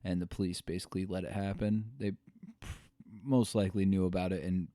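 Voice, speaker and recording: A man hosting a podcast, rambling in a halting, emotional way as he comments on videos and chokes up. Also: sits low, little pitch movement, dark tone, no echo, clean studio sound. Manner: rambling, halting, with many fillers and restarts; emotional, choking up. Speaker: podcast host. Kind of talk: casual commentary reacting to video.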